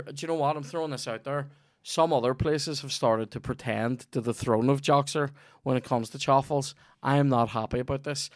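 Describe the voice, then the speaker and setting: A man's voice: mid-range voice, normal speed, no echo, studio quality. A Northern Irish man hosting a podcast, rambling through a profane, jokey sponsor read. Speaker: podcast host. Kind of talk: sweary comedic ad read.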